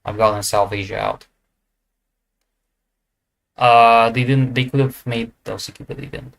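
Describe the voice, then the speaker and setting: Man, casual tier-list commentator, mid-pitched, thinks out loud, hesitant, corrects himself often. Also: fairly even intonation, measured pace, creaky. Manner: thinking aloud, hesitant with fillers and self-corrections. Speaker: esports tier list creator. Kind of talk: casual commentary while ranking.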